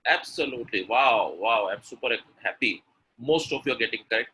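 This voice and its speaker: Bright upbeat coach. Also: male voice, mid-range voice, a little fast, a little hiss or hum, rough recording. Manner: quizzing the audience, contrasting word pairs, upbeat praise. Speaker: English pronunciation coach. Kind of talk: live webinar teaching.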